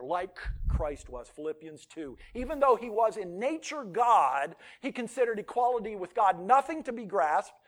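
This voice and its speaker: A man delivers a sermon in a high, lively voice. He swings between loud outbursts and near-whispers and slips in self-deprecating jokes. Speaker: pastor.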